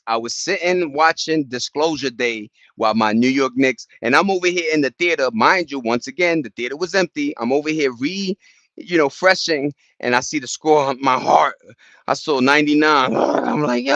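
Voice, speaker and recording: A man's voice: fairly high pitch, fairly bright tone, no echo. Dude rambling slangy to his viewers, dry muffled lo-fi sound. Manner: slangy, rambling, loose street talk. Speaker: vlogger. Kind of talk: casual chat to camera. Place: at home with plants and a cat.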